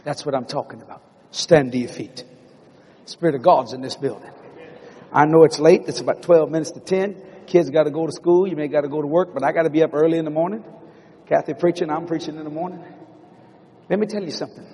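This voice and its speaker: A middle-aged male preacher telling a story in a sermon in a church, animated and breaking into loud exclamations. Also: fairly high pitch, fast talker, in a large hall, a little hiss or hum. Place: church building.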